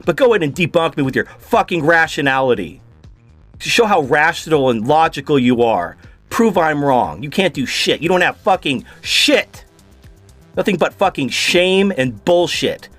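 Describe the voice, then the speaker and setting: A man rants in a furious, profane torrent, his higher-than-usual voice leaping wildly up and down. Faint music hums under him. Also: lively intonation, normal speed. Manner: furious, profane, shouting bursts. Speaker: video host reacting to a clip. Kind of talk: angry ranting commentary.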